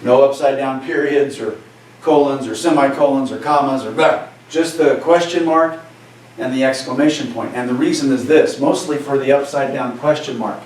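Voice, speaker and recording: A man with a mid-range, slightly mellow voice speaks at normal speed with slight background noise. He teaches a Spanish class conversationally, often asking "right?" to check in with students, in a classroom lecture recorded for cameras from far off in an echoey room.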